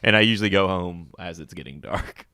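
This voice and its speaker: A man co-hosting a podcast, telling work stories in a relaxed, swearing casual chat. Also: low voice, brisk, no echo, studio quality. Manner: laid-back storyteller, swears freely. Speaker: podcast co-host.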